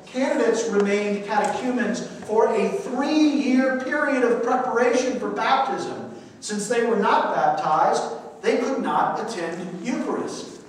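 A man's voice: sits high, a little hiss or hum. A male priest teaching a church education class, reading quotations aloud and putting questions to his listeners. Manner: reads quotes aloud, asks the class questions. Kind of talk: church adult-education lecture. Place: church hall. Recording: echoey hall, mic far off.

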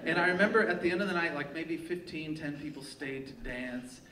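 A man telling a personal story live on a theater stage, animated and profane, laughing at his own tale. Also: fairly high pitch, brisk. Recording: echoey live theater sound, mic from a distance. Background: audience laughter and room ambience.

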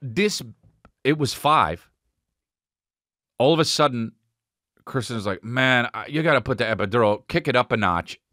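A man hosting a podcast, telling a comic story in an animated, rambling, profane way. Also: mid-range voice, moderate pace, long pauses, no room sound, studio quality. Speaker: podcast host.

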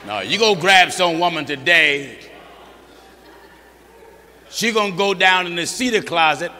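Male pastor, forceful call-and-response preaching, bright tone. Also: high voice, expressive, a little slow, long reverb tail. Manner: emphatic preaching, repeats scripture and seeks audience responses. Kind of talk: sermon.

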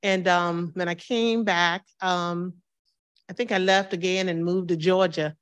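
A woman's voice: on the low side, steady tone, a little slow, smooth. Woman in her fifties telling church stories. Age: 50s. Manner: warm storytelling, acts out dialogue with laughs. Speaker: church member sharing memories. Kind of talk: personal testimony at a reading circle.

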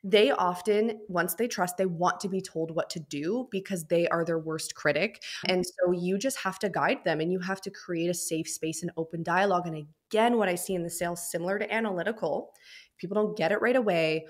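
A young woman with a slightly low voice talks business as a podcast guest. She is chatty and animated, and she throws her pitch around when she acts out small scenes. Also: brisk. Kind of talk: casual interview talk.

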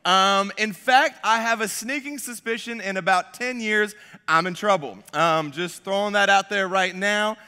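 A man's voice: sits high, a little slow, pushed and bright, clear, resonant tone. A young man preaching a sermon as a pastor, telling a personal story in a casual, self-deprecating way. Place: church sanctuary. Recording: long church hall reverb.

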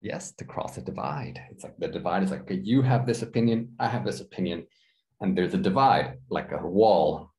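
A man's voice: deep voice, lively intonation, a little fast, darkish tone. A man teaching an online English class, encouraging and explaining with examples. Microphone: video call.

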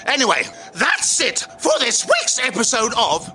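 A man, an actor hosting his own vlog, talking theatrically and exuberantly to a camera he holds himself outdoors by a river, with sudden loud outbursts. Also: very high voice, wildly swooping pitch, moderate pace, few pauses, faint music behind, poor audio. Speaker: actor and channel host. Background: faint outdoor ambience.

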